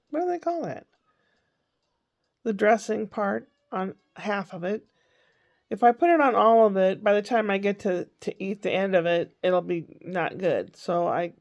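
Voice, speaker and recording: A woman's voice: mid-range voice, gravelly, a little mellow, lo-fi sound. An older woman chatting casually in a rambling diary-style vlog, often correcting herself mid-sentence. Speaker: vlogger.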